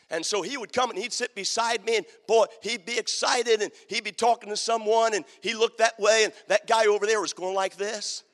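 A man preaching a sermon as a story, turning dramatically from loud to hushed. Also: high-pitched. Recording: long reverb of a large hall.

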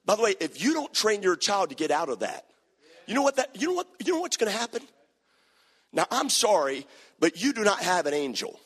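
A man preaching a sermon as pastor, swinging from quiet asides to sung, shouted cadences. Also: sits high, big pitch swings, a little fast, breathy edge. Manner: preaching with rising shouts and sing-song cadence. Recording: long hall reverb.

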